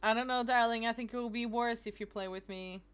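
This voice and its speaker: A woman's voice: a little high, steady tone, a little fast, fairly bright tone, smooth. A woman streaming a video game, chatting casually and swearing often. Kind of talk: casual gaming stream chat.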